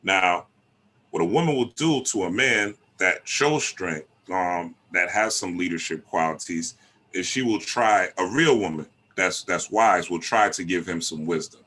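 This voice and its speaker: A man giving a casual, animated monologue on relationships, checking in with "right?". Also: deep voice, measured pace. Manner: animated, streetwise, lots of rhetorical "right?". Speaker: relationship talk host.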